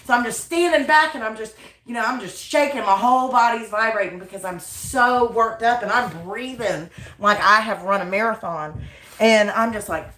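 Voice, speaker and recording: A woman who hosts a yarn channel livestream chats loosely and animatedly with her viewers, telling casual stories at a moderate pace in a bright, sharp, slightly high voice. She laughs a lot and keeps saying "like" and "you know," her voice echoing around a room at home.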